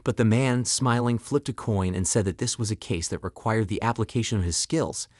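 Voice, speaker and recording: A man reading a scripted story recap in an even, steady third-person telling. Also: fairly low pitch, a little fast, dry recording, clean studio sound. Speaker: recap narrator. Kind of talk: scripted narration.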